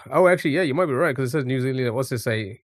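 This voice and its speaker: A man's voice: mid-range voice, expressive, fast, no room sound. Rambling man streaming with a dry mic. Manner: thinks aloud, rambling, many restarts and fillers. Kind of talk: casual live-stream commentary.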